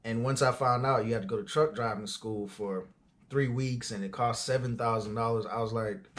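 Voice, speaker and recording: A man's voice: medium pitch, steady tone, normal speed, fairly bright tone, slight background noise. A man of forty, an auto transport business owner, tells his story in a loose, conversational way with frequent fillers and asides. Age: 40s. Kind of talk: casual storytelling.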